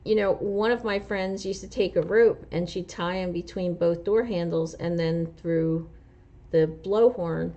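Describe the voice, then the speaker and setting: A woman with a New Jersey accent, a truck driver and instructor, hosts a casual livestream, chatting with viewers and answering their comments. Her voice sits on the low side, mellow and unhurried, and she rambles with plenty of fillers. The audio is dull, lo-fi livestream sound.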